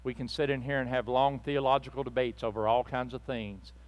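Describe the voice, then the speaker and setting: A man preaching a fervent sermon to a church congregation, swinging between loud bursts and hushed asides. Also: mid-range voice, level tone, brisk. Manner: speaks to the congregation directly, with asides and apologies.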